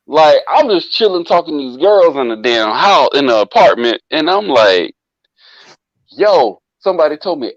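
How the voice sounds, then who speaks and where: A man's voice: a little high, moderate pace, dry recording. Profane man telling a wild story, lo-fi. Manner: animated, profane, acts out quoted voices. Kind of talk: casual storytelling among friends. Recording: dull lo-fi dry sound.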